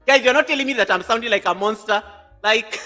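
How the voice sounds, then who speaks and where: A man's voice: sits high, fast, pushed and bright. A man hosting a livestream in casual chat, laughing a lot and greeting viewers by name. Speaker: livestream host.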